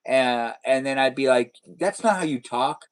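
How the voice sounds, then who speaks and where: A man's voice: medium pitch, normal speed, smooth. A man hosting a casual live stream, reading viewer comments in a playful, silly, teasing way.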